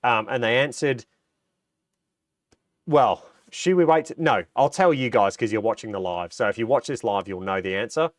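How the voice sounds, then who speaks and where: A man's voice: medium pitch, normal speed, no room sound, studio quality. A man hosting a casual livestream. He has a cold, so his voice sounds nasal, and he chats with enthusiasm and answers viewer comments. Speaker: livestream host.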